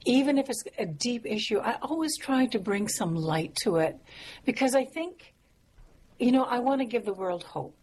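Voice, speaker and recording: A woman songwriter telling stories about her songs in a relaxed interview, pausing with fillers and soft laughs. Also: on the high side. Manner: warm, reflective, frequent fillers and soft laughs. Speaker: songwriter and musician guest. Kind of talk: casual interview conversation.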